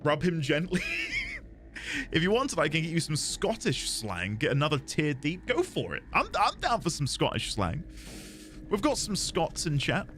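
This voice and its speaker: Streaming a game, a British man chats casually, rambling through explanations and amusing himself. His voice sits on the high side with wildly swooping pitch, a fairly bright tone, and a moderate pace. There's slight background noise.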